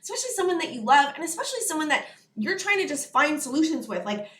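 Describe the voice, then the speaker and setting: A woman's voice: sits high, big pitch swings, fast talker, a bit bright, echoey room. A young woman giving a rambling, earnest tarot reading straight to her viewers, full of "you know" and "it's like". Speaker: tarot reader. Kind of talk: casual channeled tarot reading to camera.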